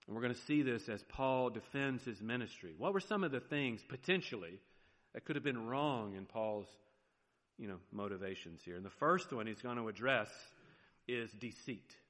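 A man's voice: medium pitch, expressive, moderate pace, a bit bright. A man with a Southern US accent preaching a sermon as pastor, explaining a passage in a conversational way with fillers and rhetorical questions. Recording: long hall reverb.

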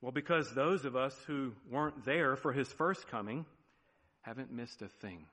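A man preaching a sermon as pastor, animated, with sudden drops to a quiet, emphatic tone. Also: medium pitch, normal speed, big-room sound.

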